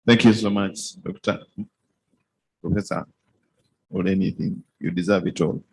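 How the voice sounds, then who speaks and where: Man at a workshop, gravelly and husky voice, polite opening. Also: low voice, fairly even intonation, unhurried, dry recording, low-quality recording. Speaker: workshop participant.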